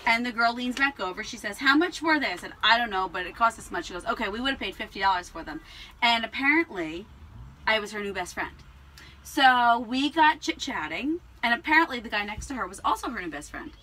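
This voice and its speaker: A woman's voice: a little high, animated, brisk, pushed and bright, poor audio. A woman co-hosting a casual chat show, telling stories animatedly, acting out the voices she quotes and laughing often. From New Jersey. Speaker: podcast co-host.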